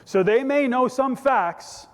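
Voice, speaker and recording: In a church sanctuary with reverberant acoustics, a pastor with a very high voice preaches slowly. His sermon is conversational and full of jokes, and he voices characters from the scripture.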